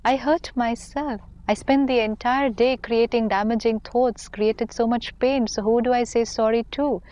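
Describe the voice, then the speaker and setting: A woman on a talk show, calmly explaining spiritual ideas with everyday examples. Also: fairly high pitch, moderate pace. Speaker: spiritual teacher.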